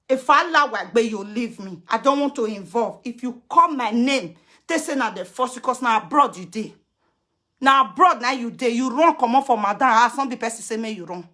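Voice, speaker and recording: A high-pitched Nigerian woman rants confrontationally into her camera, switching between English, Pidgin and chanted lines. Her voice is bright and piercing, and she hammers her points with repetition. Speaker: social media personality. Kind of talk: ranting social media video.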